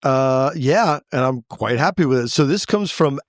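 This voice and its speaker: A man hosting a motorcycle podcast, reading out listener mail in a mid-pitched voice. He breaks off the letters with quick jokes. His voice is close and dry, with no room sound. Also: animated, no room sound. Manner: jokey, reads letters aloud with asides. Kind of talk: casual podcast chat.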